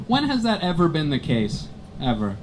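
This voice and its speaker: Male stand-up, slightly high voice, dry self-mocking delivery, recorded over loud tram noise. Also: wildly swooping pitch, moderate pace, rough recording. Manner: self-mocking, wraps up the show again and again. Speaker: stand-up comedian. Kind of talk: deadpan stand-up to commuters. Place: airport tram, indoors.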